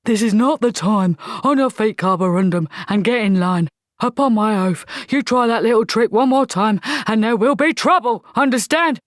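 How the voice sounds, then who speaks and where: A woman voicing a gruff male army sergeant who barks bluff, commanding orders in a storybook reading. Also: a little high, normal speed, dry recording, clean studio sound, pitched above the performer's own voice, lightly acted. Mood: stern.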